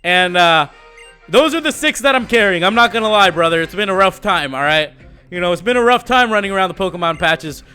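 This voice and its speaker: A man talks through a video game in a casual, slangy, joking way, full of laid-back asides. His voice sits high and sounds bright. Faint game music runs behind him. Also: animated, brisk, smooth. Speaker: let's play host. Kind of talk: casual gaming commentary.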